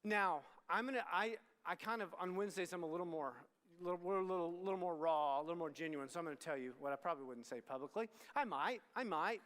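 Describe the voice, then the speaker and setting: Middle-aged guy from texas preaching to students, high voice, long hall echo, chatty, lots of restarts. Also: fast, fairly bright tone. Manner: candid and conversational, with many restarts and asides to the crowd. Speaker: student ministry pastor. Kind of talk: youth sermon.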